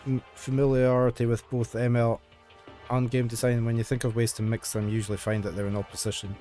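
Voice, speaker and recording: A man's voice: medium pitch, level tone, fast, dark tone. A male streamer reading a visual novel aloud on a live stream, chatting casually between lines. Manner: casual, rambling asides with restarts. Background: game music.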